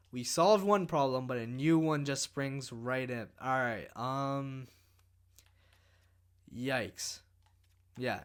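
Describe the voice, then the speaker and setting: A man hosting a channel, giving casual commentary while playing a hockey management game. He mutters through stats and gets loud and excited when the game goes on. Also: mid-range voice. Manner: muttering, then shouting excitedly during game. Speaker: gaming channel host.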